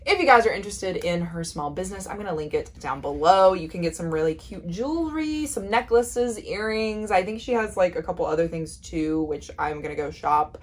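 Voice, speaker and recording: Young woman book vlogger, lowish voice, rambly and chatty. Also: animated, a little fast, hardly any pauses. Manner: chatty, rambling with many fillers. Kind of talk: casual chat.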